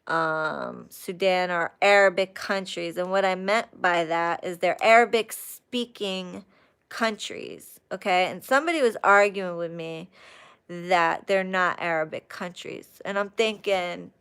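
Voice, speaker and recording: A woman hosting a casual live chat with viewers, ranting in an animated, heavily profane way. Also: on the low side, measured pace, gravelly, clear, resonant tone. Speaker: live stream host chatting with viewers.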